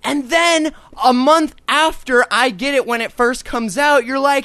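Young male podcast host, high voice, dry close sound, profane exasperated rants. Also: measured pace, few pauses, sharp tone, clean tone, no echo. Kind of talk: casual ranting podcast chat.

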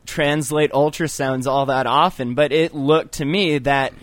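A man co-hosting a podcast in a loud, joking, profane casual chat. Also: a little high, fairly even intonation, unhurried, no room sound. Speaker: podcast co-host.

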